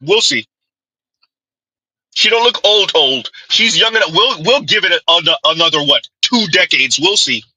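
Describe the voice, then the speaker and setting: A man's voice: high-pitched, expressive, moderate pace, pushed and bright, husky, no echo, rough recording. A man giving a mocking opinion commentary, full of rhetorical asides and scornful dismissals. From United States.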